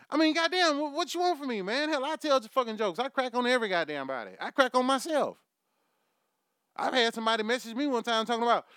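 A man with a high, smooth and resonant voice runs a loose, foul-mouthed comic monologue, chuckling at his own lines. He is recorded close and dry, with no room sound around him. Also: fairly quick, no echo. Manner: animated, swearing freely, laughing at his own jokes. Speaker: podcast host. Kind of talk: profane comedic monologue.

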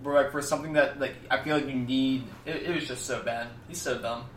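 A young man drones through a mundane story in a deadpan, meandering way, stacking filler words as he goes. His voice sits a little back from the mic in an echoey room with faint ambient hiss underneath. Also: medium pitch, fairly quick, recorded from a distance. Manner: rambling, deadpan step-by-step storytelling with many fillers. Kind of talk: casual chat.

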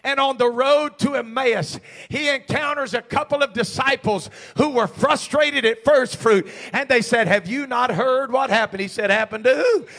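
High, bright-voiced man preaching a sermon. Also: moderate pace, vocal fry, hardly any pauses. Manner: builds from hushed storytelling to shouted call-and-response preaching. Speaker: senior pastor. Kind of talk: Pentecostal sermon. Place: church sanctuary.

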